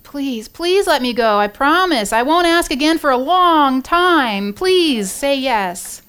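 A woman voicing a wife who sweet-talks and begs her husband, her voice lifting higher and quicker. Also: lightly acted. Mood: pleading. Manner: coaxing, pleading, higher and faster. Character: sweet-talking pleading wife.

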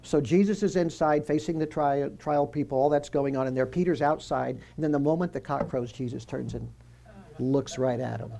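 A man's voice: mid-range voice, moderate pace, gravelly, warm tone, a little hiss or hum. A man giving a conversational Bible teaching. He quizzes his listeners and drops joking asides as he walks through the passage.

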